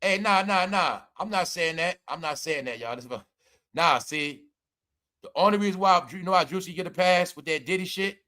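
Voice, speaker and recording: Man, high voice, bright edgy tone, ranting commentary, drops to mutters then shouts. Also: brisk. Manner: animated, ranting, swings from low mutters to shouting. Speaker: commentary channel host. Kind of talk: casual entertainment commentary.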